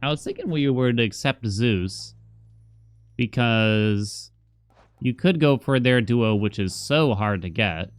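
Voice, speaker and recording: A man's voice: mid-range voice, animated, takes it slowly, dry recording. A young man casually commenting on his gameplay, thinking aloud and chatting about his life between moves. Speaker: gaming streamer.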